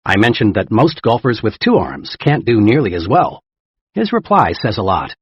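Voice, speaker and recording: Man, self-help audiobook narration, animated delivery, breathy voice, muffled dry recording. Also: lowish voice, moderate pace, no echo. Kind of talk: scripted narration.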